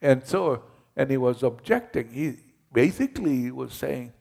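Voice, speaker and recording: A male pastor delivers a conversational sermon, retelling scripture in plain everyday words. He speaks slowly and deliberately, with a gravelly, creaky tone. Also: mid-range voice, animated, a little mellow.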